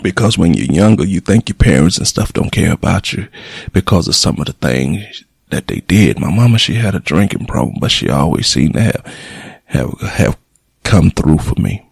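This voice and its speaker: Middle aged radio host guy telling a personal story, real deep and husky, dry close mic, emotional and blunt. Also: lively intonation, normal speed, no room sound. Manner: emotional, plainspoken, blunt with cursing.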